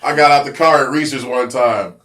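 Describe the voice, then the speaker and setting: Middle-aged kansas guy, musician on a podcast, easygoing and cussing a lot, regular pitch. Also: normal speed, fairly bright tone. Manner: laid-back, profane, joking. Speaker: musician guest. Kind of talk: casual podcast chat.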